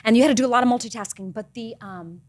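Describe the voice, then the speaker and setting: A woman co-hosting a podcast in casual chat, playful and quick, sometimes dropping into quiet asides. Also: on the high side, no echo. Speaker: podcast co-host.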